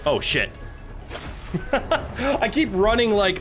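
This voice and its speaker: A man's voice: medium pitch, normal speed, long pauses, faint music behind. A man casually streaming a survival game, joking, swearing and chatting with viewers. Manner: animated and joking, swears, talks to chat and his pet.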